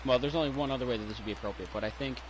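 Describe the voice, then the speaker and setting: A young man streaming a baseball video game, chatting casually and rambling excitedly as a sports fan, with the odd swear word. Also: medium pitch, very fast, background noise. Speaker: gaming streamer. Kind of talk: casual chat over gameplay.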